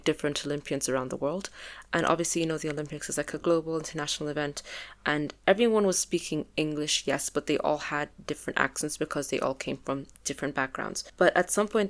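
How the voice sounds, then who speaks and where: A woman giving a casual commentary video essay, conversational with frequent fillers, turning animated when she argues a point. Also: low-pitched.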